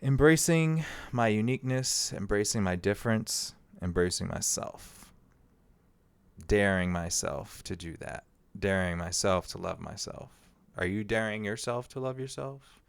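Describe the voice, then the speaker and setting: A podcast host with a deep voice and some vocal fry speaks unhurriedly in a casual solo monologue. He rambles and reflects, leaning often on filler words.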